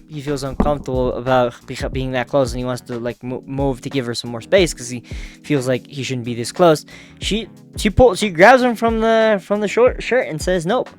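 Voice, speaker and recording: A man casually narrating a manga recap in a chatty way, chuckling and correcting himself as he goes. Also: fairly high pitch. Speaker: manga reviewer.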